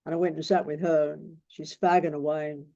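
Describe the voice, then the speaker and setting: A man's voice: on the high side, flat delivery, brisk, creaky, dark tone. A man, teaching tarot in a blunt, rambling way and swearing freely. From Australia. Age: 60s. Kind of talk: casual teaching talk. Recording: dull lo-fi recording.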